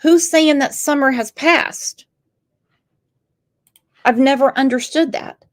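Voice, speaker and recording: Slow, sarcastic woman crime commentator. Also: sits high. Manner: sarcastic, incredulous. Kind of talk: opinionated commentary.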